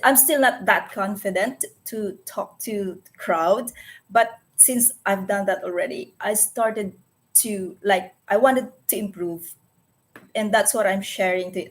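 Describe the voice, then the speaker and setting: A woman with a Filipino accent talking casually to her viewers, often pausing to search for words and restarting her sentences. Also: mid-range voice. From Philippines. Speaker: vlogger. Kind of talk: casual talk to camera.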